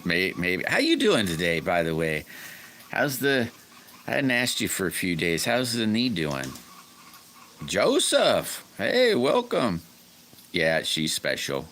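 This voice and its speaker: Deep, slow-talking man host; livestream chat in his workshop, with a lively, swinging delivery. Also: a little hiss or hum. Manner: greets chat viewers by name, rambling and self-correcting. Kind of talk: casual live-stream chat.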